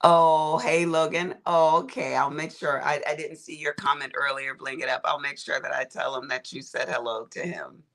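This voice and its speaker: A woman's voice: low-pitched, steady tone, normal speed, few pauses, fairly bright tone. A middle-aged woman hosting a casual craft livestream, chatty and folksy, calling her viewers y'all and honey.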